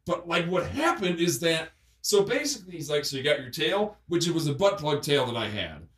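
A man, a podcast guest, telling a wild story in casual chat, excitable and swearing, often laughing mid-sentence. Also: a little high, fairly quick. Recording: echoey room, far from mic.

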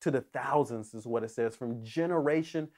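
A man's voice: mid-range voice, moderate pace, a little mellow. A man preaching a sermon as a pastor, earnest and emphatic, often restarting and repeating himself as he builds his points.

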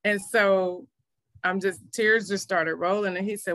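A woman's voice: mid-range voice, fairly even intonation, a little slow, a bit bright, dry recording. A middle-aged woman pastor, telling her faith story in an earnest, emotional way. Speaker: pastor and minister. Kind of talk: testimony in a faith interview.

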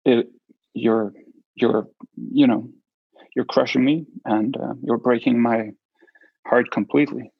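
Man, interview guest, gravelly voice, husky, halting delivery, dull lo-fi dry recording. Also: medium pitch, fairly even intonation, dry recording. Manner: halting, with many restarts and fillers. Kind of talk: personal storytelling interview.

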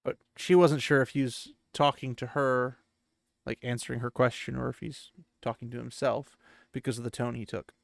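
A male podcast host walks through a book chapter in loose, conversational chat, full of filler words. His voice sits at an ordinary middle pitch. The sound is dry, with no room echo. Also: steady tone, moderate pace, gravelly. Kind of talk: casual book recap chat.

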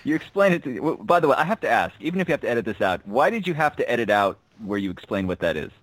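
A man's voice: mid-range voice, very animated, rapid-fire, no echo, rough recording. A man co-hosting a podcast, chatting casually and rambling with restarts and lots of fillers. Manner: rambling, restarts, frequent likes. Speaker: podcast co-host. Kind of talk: casual chat.

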